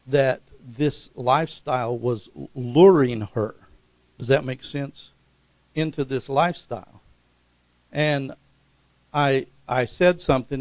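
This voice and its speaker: A man's voice: mid-range voice, a little mellow, no echo, rough recording. A man delivering a sermon as a pastor, moving between loose, conversational asides and emphatic, repeated exhortations. He keeps calling for "Amen?" from the congregation. His voice sits in an ordinary middle register, recorded close and dry with almost no room sound. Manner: preaching with frequent call-and-response "Amen?"; conversational, with fillers and restarts.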